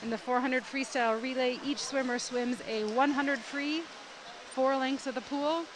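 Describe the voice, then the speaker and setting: A woman doing live commentary at a swim meet in an indoor pool, excitable and rising to shouts at close finishes. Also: sits high, moderate pace. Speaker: sports commentator. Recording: noisy poolside ambience.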